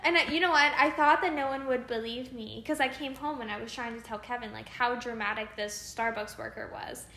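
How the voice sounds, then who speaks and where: A young woman co-hosting a podcast, telling stories in an animated, casual way. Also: fairly high pitch, brisk, hardly any pauses, roomy sound, slight background noise. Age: young adult. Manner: animated storyteller. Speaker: podcast co-host. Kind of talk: casual storytelling chat.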